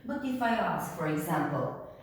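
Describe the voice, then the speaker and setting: A woman from Albania, a native Albanian speaker, teaching a language lesson patiently and repeating words slowly for her students. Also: low-pitched, big pitch swings. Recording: echoey room, voice from a distance.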